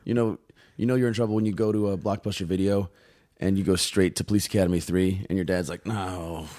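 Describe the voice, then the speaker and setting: A man speaking as a guest on a podcast, chatting casually in a relaxed way with dry humor. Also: low-pitched, fast, no room sound.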